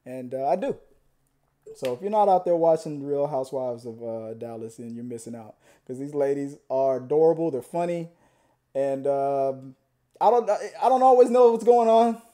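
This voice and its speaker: A man's voice: medium pitch, normal speed. A man hosting a show, ranting comically and acting out the voices he quotes. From Texas. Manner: animated, acts out quoted voices, laughs often. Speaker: podcast host. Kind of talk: comedic rant.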